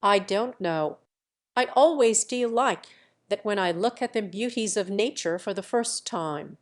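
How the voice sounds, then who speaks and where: A gentle, kind and naive young man, read by a woman who speaks mildly and earnestly in a slow, unhurried way. He stays polite and modest throughout this audiobook scene. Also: mid-range voice, expressive, lightly acted.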